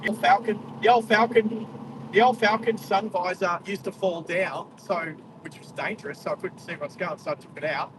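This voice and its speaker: A high-voiced Australian man chats casually to his live audience while driving, calling out animals along the road. He sits back from the car mic, and steady road and engine noise runs under everything he says. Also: moderate pace, distant mic. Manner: chatty, exclaims at wildlife, talks to live chat. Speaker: driving livestream host. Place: inside a moving car on a country road.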